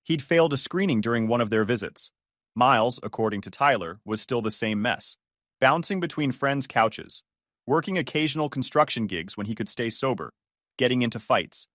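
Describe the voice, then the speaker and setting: Male narrator, measured delivery, animated intonation, dead-dry read. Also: medium pitch, no room sound. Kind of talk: first-person story narration.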